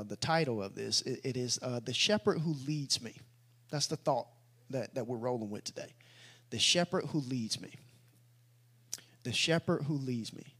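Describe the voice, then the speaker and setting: A man preaching a sermon, moving from quiet reflection to loud, emphatic declarations. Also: medium pitch, husky.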